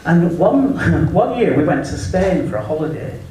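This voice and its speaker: A man from northern England does a stand-up set in a comedy club, delivering bawdy one-liners and chuckling with them. His fairly high voice is sing-song and a little slow. The audio is echoey and captured from far off, with a noisy background that includes the audience.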